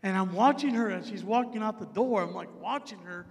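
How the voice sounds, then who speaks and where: A male preacher telling a story in his sermon, acting out both sides of the conversation with animated energy. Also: high voice, fairly quick, vocal fry, big-room sound.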